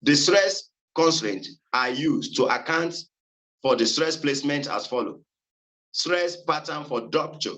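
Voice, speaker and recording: A man presenting a seminar on phonology, reading in a halting way with many fillers and repeated words. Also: fairly high pitch, expressive, pushed and bright, poor audio. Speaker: student presenter.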